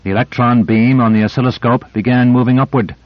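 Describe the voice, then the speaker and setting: A man reading an audiobook in a steady, measured narration. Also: medium pitch, no echo, dull audio. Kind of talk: scripted narration.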